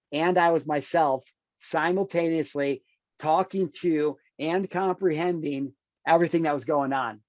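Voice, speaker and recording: A man's voice: fairly high pitch, no room sound. Intense man telling his story, dull dry sound. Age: 30s. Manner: intense, emphatic, keeps addressing the host with "dude" and "check this out". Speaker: podcast guest. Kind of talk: personal storytelling in conversation.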